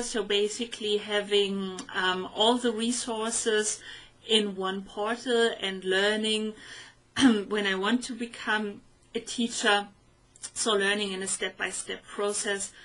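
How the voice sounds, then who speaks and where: A woman hosting a conversational interview, speaking in a measured way and pausing often to search for words. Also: mid-range voice, fairly bright tone, rough recording. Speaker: host.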